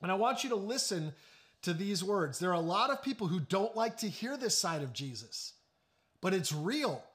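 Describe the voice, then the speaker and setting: A male pastor preaching a sermon, animated, with joking asides and sudden drops to hushed, slow emphasis. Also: sits high.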